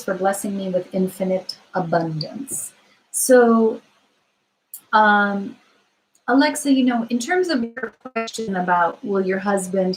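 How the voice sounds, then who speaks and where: A woman tarot reader answering viewer questions on a live stream, gentle and reassuring, thinking aloud with frequent fillers. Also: medium pitch, slight background noise, poor audio.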